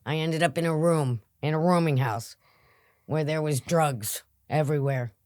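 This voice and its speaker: Female interview guest, low and slow, earnest, dry close sound. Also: darkish tone, no echo. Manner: earnest and reflective, dropping to whispers. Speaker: guest in recovery. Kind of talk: interview conversation.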